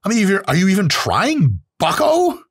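A man's voice: high voice, huge pitch swings, normal speed, husky, voice pushed up, exaggerated voice. A man doing an impression of a stern, scolding older male psychologist who lectures mockingly.

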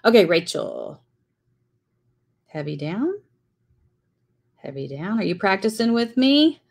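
A woman's voice: mid-range voice, very animated, slow, creaky. A woman teaching a live-streamed lettering class, chatting and greeting viewers by name as she writes.

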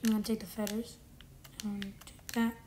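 A woman's voice: medium pitch, little pitch movement, a little fast. A woman giving casual commentary while playing a game, rambling and correcting herself as she thinks aloud. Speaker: gamer. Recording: loud background noise with clicks.

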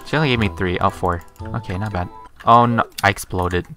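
A woman's voice: a bass voice, brisk, fairly bright tone, faint music behind. A young woman casually commenting on her gameplay in a giggly, playful, exclaiming way. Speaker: gaming video host.

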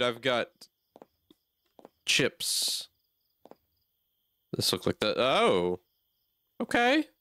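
A man's voice: mid-range voice, sharp tone, clean tone. A man playing a horror game and talking through it aloud, easily startled and swearing often. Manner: jumpy, swears a lot, reacts aloud. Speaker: gamer.

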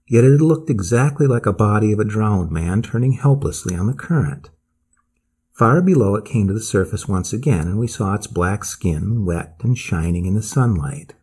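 A man narrating a classic story as an audiobook, measured and expressive, with a husky voice. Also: on the low side.

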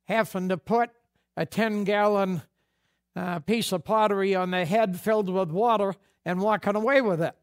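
A man preaching a sermon as pastor, folksy and conversational, acting out bits of dialogue. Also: sits high. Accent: New England.

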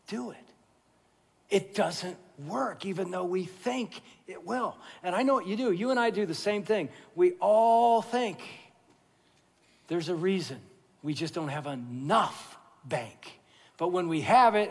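High-voiced pastor in a big echoing church. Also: male voice. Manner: animated, jokey storyteller who turns quiet and earnest. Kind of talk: sermon with storytelling. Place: large church sanctuary. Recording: long reverb of a large church hall.

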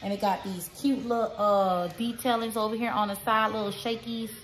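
Her mid-range, slightly bright voice keeps a fairly even intonation and moderate pace as she chats casually at home about a shopping haul. Talking straight to her viewers, the woman vlogger says "y'all" often, and the room echoes noticeably.

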